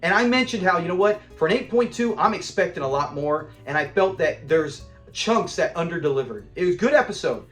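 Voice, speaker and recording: Animated high-voiced man reviewing a sitcom. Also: a little fast, roomy sound, soft background music. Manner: animated, acts out quoted lines, laughs often. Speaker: show reviewer. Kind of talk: casual episode review.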